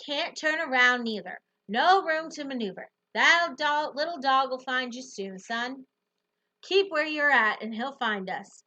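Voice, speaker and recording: A woman's voice: high voice, animated, a little slow, sharp tone, dull audio, heavily acted. A woman voicing a stern older male pastor who gives short, firm answers from behind the wheel. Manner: firm, terse.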